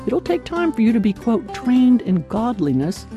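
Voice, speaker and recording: A woman giving a devotional talk in an earnest, clearly enunciated way, laughing often. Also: on the high side, big pitch swings, normal speed, lo-fi sound, over music. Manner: clear, carefully enunciated delivery. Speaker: devotional speaker.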